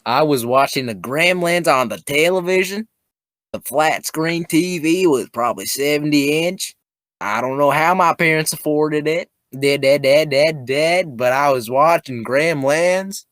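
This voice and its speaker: A man's voice: on the high side, a little slow, a bit bright, no echo. A man doing a bold Southern country character with a drawl, dramatically telling a childhood story on a podcast. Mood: boastful, dramatic. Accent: Southern US, put on. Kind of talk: podcast comedy bit.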